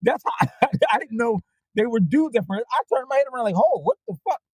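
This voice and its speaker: A man telling stories casually as a podcast host, profane and animated, his voice shooting up high when he acts out his reactions. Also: fast, no echo. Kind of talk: casual storytelling monologue.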